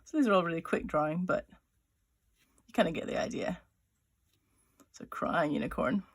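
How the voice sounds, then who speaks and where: A lowish, slightly rough female voice belongs to a writer-illustrator teaching a drawing lesson. Playful and chatty, she thinks aloud as she draws, throws in small sound effects, and pauses and restarts now and then.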